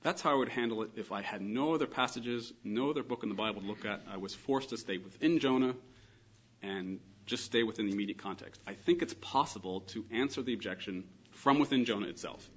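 A man's voice: fairly low pitch, a little fast, breathy edge, highs cut off. A man giving a thoughtful, explanatory Bible lesson, stressing key points with emphasis. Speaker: Bible teacher. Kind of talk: lecture on scripture.

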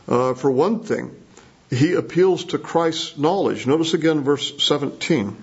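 A man's voice: a little high, a little slow. A man preaching an expository sermon, emphatic and conversational, often checking in with the congregation. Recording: husky voice, dull lo-fi sound.

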